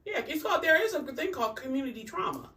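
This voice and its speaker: Animated woman therapist, distant mic. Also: sits high, fast talker. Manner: animated, uses many fillers. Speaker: therapist guest. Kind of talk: casual conversation.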